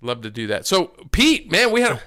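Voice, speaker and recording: A man co-hosting a faith podcast, chatting casually and animatedly. His tone is bright and ringing, and he slips into the voices of the people in his stories. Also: high-pitched, brisk. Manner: animated storyteller, acts out dialogue, laughs easily. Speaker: podcast co-host. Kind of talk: casual Christian podcast chat.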